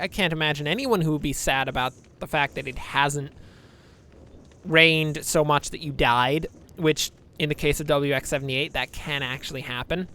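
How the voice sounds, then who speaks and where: A gameplay commentator rambles through let's-play commentary, joking with viewers and making self-deprecating asides. His voice is fairly high with a sharp edge.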